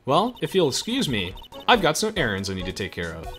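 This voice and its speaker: A man's voice: mid-range voice, huge pitch swings, pushed and bright, soft background music. A man voicing a flamboyant, free-spending wife with a sweet, coaxing manner. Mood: coy. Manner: sweet, coaxing, drawn-out phrasing.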